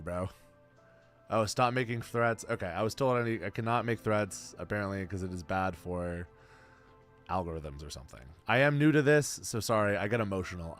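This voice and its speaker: A man's voice: lowish voice, fairly bright tone. Blunt, slangy young man streamer. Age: 20s. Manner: blunt, slangy, calls everyone bro and man. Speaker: streamer answering chat. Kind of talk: casual live-stream chat.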